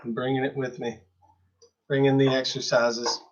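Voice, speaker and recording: A man's voice: mid-range voice, little pitch movement, normal speed, muffled recording. A man teaching an online drum lesson, chatting casually and counting students through the exercises. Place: drum studio. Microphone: phone camera.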